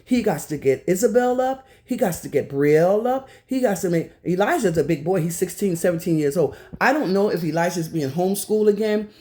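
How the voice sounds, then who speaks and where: Emphatic woman with a dark, low voice. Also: expressive, fairly quick, hardly any pauses. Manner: emphatic, repetitive, addresses viewers directly. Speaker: YouTube commentary host. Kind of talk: casual commentary to viewers.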